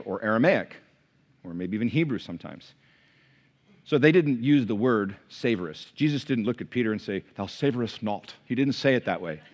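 A male pastor preaching a sermon, chatty and informal one moment, rising to impassioned, near-shouted preaching the next. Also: lowish voice. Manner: conversational, building to impassioned shouting.

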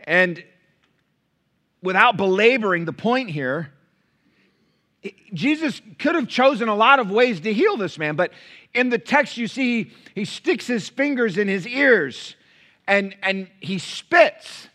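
A pastor preaches from the pulpit, a man with a voice pitched slightly high and a bright, forceful tone. His delivery is lively and animated, and his pitch swoops widely as he acts out the voices of people in his stories. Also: takes it slowly. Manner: animated storytelling, acting out quoted voices. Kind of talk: sermon. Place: church sanctuary. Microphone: pulpit mic.

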